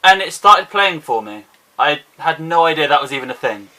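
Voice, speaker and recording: A young man with an excitable, self-mocking manner, commentating his own football video game match. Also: fairly high pitch, moderate pace, distant mic. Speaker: gaming YouTuber. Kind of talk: casual gameplay commentary.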